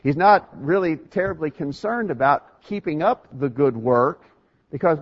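A man's voice: fairly high pitch, expressive, a little slow, slightly rough, dull audio. A man preaching a sermon in an earnest, emphatic way, often restarting his phrases.

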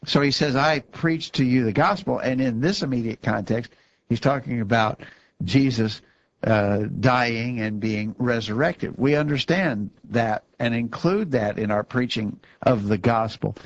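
A man's voice: mid-range voice, unhurried, muffled recording. A man co-hosting a Bible discussion show, explaining Scripture in an emphatic, conversational way and repeating himself when he insists.

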